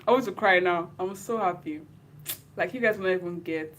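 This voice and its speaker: Young woman, Nigerian accent, rambling and excitable, tired, fairly low voice, casual live-stream chat. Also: a little fast, a little hiss or hum, low-quality recording. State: tired late at night. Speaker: YouTuber hosting a live stream.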